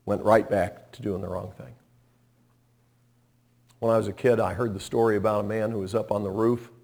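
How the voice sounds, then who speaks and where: A man preaching a sermon, telling folksy stories and swinging from hushed tones to loud, impassioned appeals. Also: fairly low pitch, vocal fry. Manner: folksy, storytelling.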